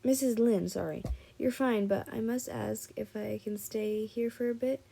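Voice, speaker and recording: A tired woman reading an earnest young man's lines, unhurried and soft-toned. The voice sits a little high and mellow. Lines come slowly, with small restarts. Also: steady tone, creaky. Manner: slow, with frequent restarts. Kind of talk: reading a fan fiction listener story aloud.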